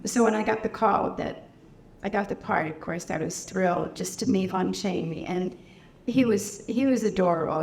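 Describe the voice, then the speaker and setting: An older woman, a guest actress, telling warm, chatty anecdotes at a convention Q&A. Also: creaky, slight background noise. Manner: warm, chatty anecdotes that rise high and laughing at punchlines. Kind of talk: convention Q&A storytelling.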